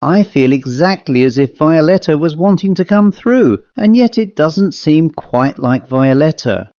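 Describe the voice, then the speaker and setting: A man's voice: fairly high pitch, expressive, measured pace, dark tone, no echo. A man voicing a nervous young woman medium in a lifted, anxious voice for an audiobook story. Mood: uneasy. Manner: light raised voice, anxious. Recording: dull lo-fi dry recording.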